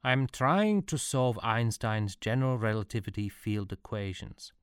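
A man voicing an eccentric male Prussian artillery officer who speaks in a brisk, deadpan way. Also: lowish voice, clear, resonant tone, no echo, studio quality. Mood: wry.

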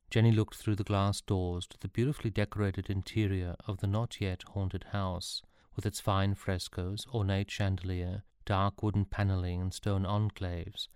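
A man narrating a story as an audiobook in a calm, measured way. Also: low voice, clear, resonant tone, dry recording, studio quality.

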